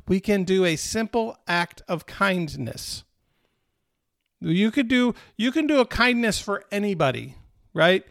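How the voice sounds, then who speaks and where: Guy preaching a laid-back sermon, high voice, dry sound, says things twice, keeps asking right?. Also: a bit bright, no echo. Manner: repeats key phrases for emphasis; checks in with the listeners, asking "right?". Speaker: pastor. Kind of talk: conversational sermon.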